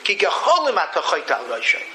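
A man teaches Torah, weaving chanted verses into humorous stories. His voice sits high and sounds sharp and forceful. A faint hum of the room lies under his voice. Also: huge pitch swings, fast, low-quality recording. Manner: Yiddish-laced, chanting Hebrew verses, jokey asides. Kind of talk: Torah lecture with storytelling.

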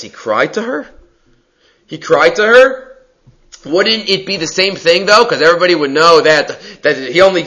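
A man teaching a text study class, reading passages aloud and explaining them in a relaxed, conversational way. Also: fairly high pitch, poor audio. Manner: answers student questions. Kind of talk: Talmud class lecture.

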